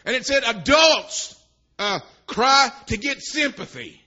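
A man preaching a sermon, dropping "amen" between phrases and swinging from quiet talk to shouting. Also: very high-pitched, very animated, slow, dull audio.

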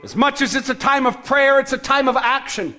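A man preaching a sermon as pastor, emphatic, with shouted calls to action and sudden soft, low passages. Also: brisk.

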